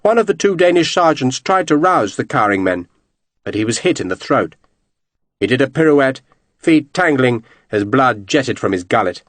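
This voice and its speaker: A man narrates an audiobook in an expressive, dramatic style, using a mid-range voice at a moderate pace. There's no echo on the recording.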